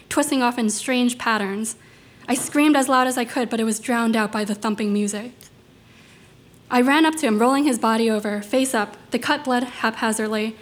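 A woman with a somewhat high voice reads a first-person story aloud to listeners. Her delivery is animated, and she gives quoted lines their own voices.

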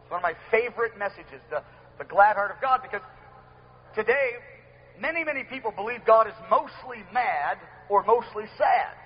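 Male preacher, sermon to a room, very high voice, earnest, emphatic, dull lo-fi recording. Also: lively intonation, normal speed, slight background noise. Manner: earnest, emphatic, repeats key phrases. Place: room with a live audience.

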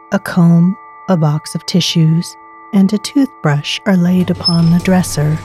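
A woman narrating a scripted story in a slow, measured way. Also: on the low side, mellow.

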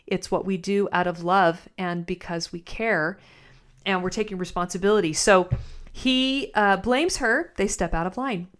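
A woman hosts a reflective podcast. She talks in a thoughtful way, pausing and restarting as she works through her ideas, at a middling pitch. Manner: thoughtful, halting, many restarts. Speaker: podcast host. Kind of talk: reflective spoken commentary.

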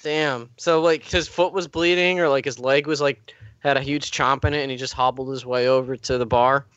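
A young adult man co-hosting a podcast, talking in animated, swearing casual banter. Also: medium pitch, moderate pace, smooth, no room sound, lo-fi sound. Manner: animated, swearing, laughing between lines. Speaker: podcast co-host.

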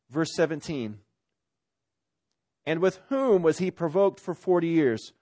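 A pastor delivers a sermon in an easy, chatty way. His voice sits a little high for a man. He pushes to loud, urgent peaks, then falls back to soft, low asides. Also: unhurried. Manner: conversational preaching with sudden loud swells and quiet drops.

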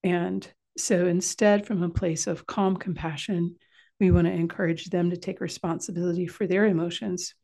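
A woman speaking in a low, gravelly voice with a mellow tone. She gives a calm, explanatory parenting talk in a relaxed coaching manner, as if guiding parents step by step. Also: moderate pace. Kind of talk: informal instructional talk.

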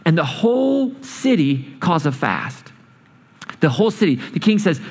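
Animated male preacher in a reverberant hall. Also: on the high side. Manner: animated storytelling, speeding up and slowing down. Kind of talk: sermon.

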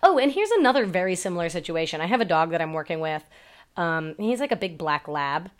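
A woman dog trainer chats casually on a podcast, her voice sitting a little low. She tells stories in a loose, profane way, swearing freely and leaning on "like" and "um". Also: very animated, fairly quick. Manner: profane, chatty storytelling with many fillers.

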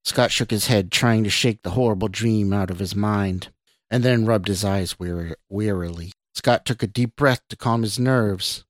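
Low-voiced man reading his own horror story. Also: moderate pace, no room sound, clean studio sound. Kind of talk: scripted narration of a horror story.

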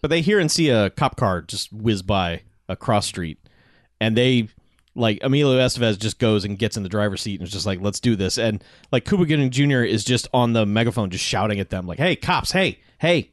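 A man's voice: lowish voice, expressive, brisk, no echo. Man recapping a movie, dry close sound. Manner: profane, laughing, acts out quotes. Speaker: podcast co-host. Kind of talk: casual movie recap chat.

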